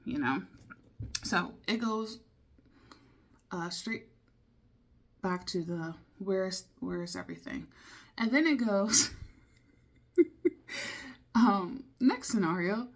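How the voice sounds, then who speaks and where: Woman, casual diary talk, unhurried, rambling, mid-range pitch. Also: animated. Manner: thinking aloud, loose and rambling. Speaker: language learner.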